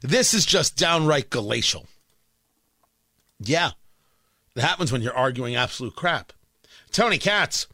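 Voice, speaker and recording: A man's voice: medium pitch, expressive, measured pace, pauses often, bright, forceful tone, dry recording, studio quality. A man hosting a talk radio show, delivering a combative, emphatic monologue and repeating lines for punch.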